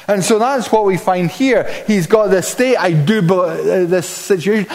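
A man's voice: sits high, moderate pace, few pauses, big-room sound, poor audio. A man preaching a sermon, acting out the quotes he reads with sudden exclamations. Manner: animated, dramatizes quotes with exclamation. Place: church.

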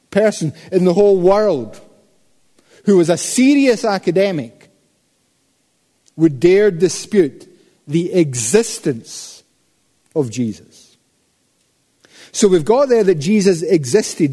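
Man preaching real slow, kinda high mellow voice, big echoey church hall. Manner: measured, emphatic preaching with deliberate pauses. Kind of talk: sermon. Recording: long reverb of a large hall.

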